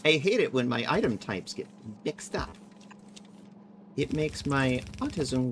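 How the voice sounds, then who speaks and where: A VTuber streamer giving live gameplay commentary, excitable and swearing while talking to themselves. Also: mid-range voice, measured pace, slight background noise. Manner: excitable, swears, talks to self while playing.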